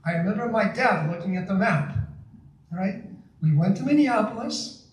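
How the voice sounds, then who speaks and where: A man's voice: high voice, lively intonation, moderate pace. A man in his seventies with a slight Eastern European accent, telling stories during a public lecture, asking the audience rhetorical questions and checking in with "okay?" and "right?". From born in the Soviet Union, raised partly in Poland and the US. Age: 70s. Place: community center hall. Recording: echoey hall, far from the mic, faint noise.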